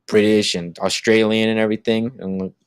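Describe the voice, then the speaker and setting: A man with a lowish voice chats loosely on a podcast, circling through his thoughts with plenty of "like" and "you know." The sound is dry and close, with no room echo. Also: little pitch movement, a little fast, clean tone. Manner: rambling, with many fillers and restarts. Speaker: podcast co-host. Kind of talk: casual chat.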